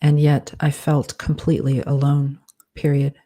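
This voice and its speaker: Low, flat-voiced woman dictating slowly. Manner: speaks punctuation marks aloud, measured and deliberate. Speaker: author. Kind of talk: dictating a novel aloud.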